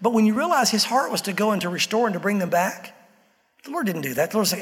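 A man with a notably high voice delivers a sermon in a church sanctuary, talking to the congregation conversationally and acting out quotes along the way. His voice carries a long reverb tail from the large hall. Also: lively intonation, fast talker. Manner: conversational preaching with acted-out quotes. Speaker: pastor.

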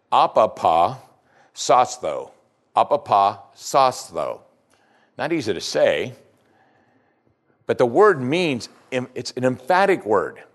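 A male pastor preaching a sermon, retelling scripture in casual everyday speech and addressing the congregation directly. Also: medium pitch. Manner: conversational preaching, paraphrasing scripture in plain speech.

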